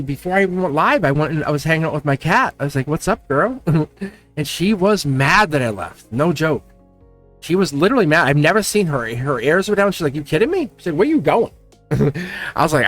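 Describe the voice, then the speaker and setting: Guy doing a live tarot reading, kinda high voice, bouncy, repeats stuff, laughs a lot. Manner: animated, repetitive, chuckling. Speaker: tarot reader.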